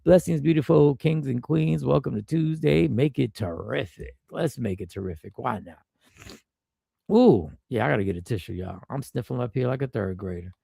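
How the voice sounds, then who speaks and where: A man's voice: mid-range voice, moderate pace, mellow, no room sound, clean studio sound. A man hosting a casual live stream, talking with a stuffy nose from a cold, riffing and repeating himself as he greets viewers by name. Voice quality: gravelly.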